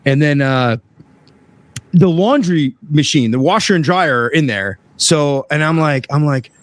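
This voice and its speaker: A man telling a story casually on a podcast, acting out the people in it with big jumps in his voice. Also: unhurried. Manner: animated, acts out voices with big pitch jumps. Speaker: HVAC sales rep telling a story.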